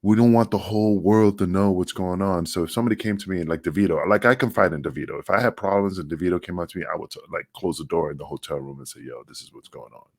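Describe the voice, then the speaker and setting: A middle-aged man with a very low, heavy voice talks bluntly in a casual podcast chat, swearing without a second thought and stumbling back over his own words. The sound is close and dry, with no room around it. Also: quick pace, few pauses, dry recording. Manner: blunt, emphatic, swears freely, frequent restarts. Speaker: podcast co-host, former wrestler.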